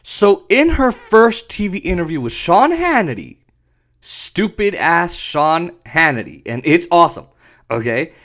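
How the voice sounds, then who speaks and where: A man's voice: a little high, big pitch swings, measured pace, fairly bright tone. A man hosting a podcast, ranting sarcastically with profanity and laughter. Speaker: podcast host. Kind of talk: ranting commentary.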